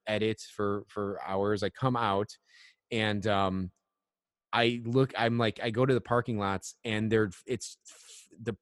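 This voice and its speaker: A man's voice: fairly low pitch, smooth, no echo, studio quality, long reverb tail. A man co-hosting a podcast, telling a long, loose, profane story in casual chat. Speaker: podcast co-host.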